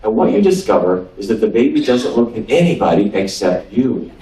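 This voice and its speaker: A North Dakota man gives a humorous nutrition lecture as a physician in a cruise ship's lecture room, quizzing the audience as he goes. His lowish, mellow voice is very animated and fairly quick, heard from a distance in a roomy hall.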